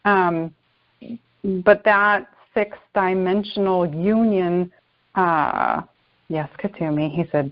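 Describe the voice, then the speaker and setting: A woman channeler giving spiritual guidance and pausing to search for words. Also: on the low side, dull audio. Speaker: channeler, guest.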